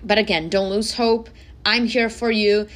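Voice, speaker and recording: A woman's voice: medium pitch, fairly even intonation, a little slow. A woman, hosting a personal podcast and speaking earnestly and emotionally to her listeners. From Brazil. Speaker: podcast host.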